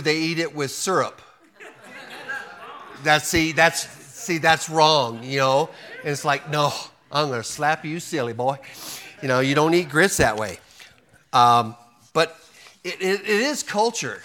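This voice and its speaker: A man's voice: a little high, fairly bright tone. A male pastor delivering a sermon in a church, with a folksy, humorous manner. He acts out short bits of dialogue for the congregation and often restarts his sentences mid-thought. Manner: folksy and joking, acts out quotes, frequent restarts.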